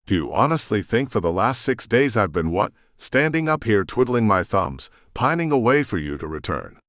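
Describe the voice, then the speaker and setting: A man's voice: on the low side, sing-song, moderate pace, a bit bright, dry recording, clean studio sound. A man voicing a fierce, defiant female commander in an audiobook, with clipped delivery.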